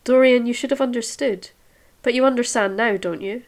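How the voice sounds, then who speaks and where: Woman reading a lovestruck young actress: dreamy, impassioned, mid-pitched. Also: steady tone, normal speed, natural voice. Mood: pleading. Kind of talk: reading a novel aloud.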